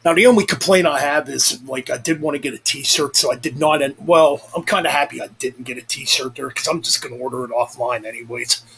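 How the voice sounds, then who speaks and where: Creaky, fairly bright and medium in pitch, this young vlogger's voice moves fairly quickly with few pauses. He rambles casually, swears freely and keeps correcting himself, captured in a low-quality recording with slight background noise.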